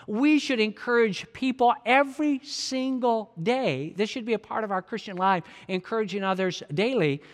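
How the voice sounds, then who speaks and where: A man's voice: high-pitched, a bit bright. A man preaching a sermon as a pastor, talking to the congregation in an earnest, conversational way full of rhetorical questions. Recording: long reverb of a large hall.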